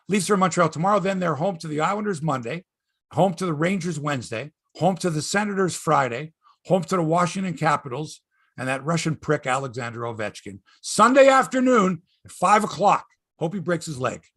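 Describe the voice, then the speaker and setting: A man's voice: on the high side, fairly bright tone, no echo, clean studio sound. A man from Canada hosting a casual sports chat, profane and ranting, often repeating himself. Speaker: sports show host.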